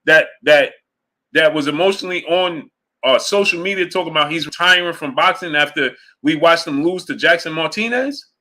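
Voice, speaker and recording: Guy hosting a live boxing stream, bright punchy voice, shouting out chat names, gets heated arguing. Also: on the high side, normal speed. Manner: greets viewers by name between points, rising and forceful when arguing. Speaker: boxing talk show host. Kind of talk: live-stream chat reading super chats.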